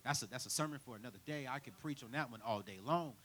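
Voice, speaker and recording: A man preaching a sermon in church, telling his own story with big swings from quiet to near shouting. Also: mid-range voice, fast talker, rough recording. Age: 30s. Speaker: guest preacher. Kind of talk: sermon with personal testimony.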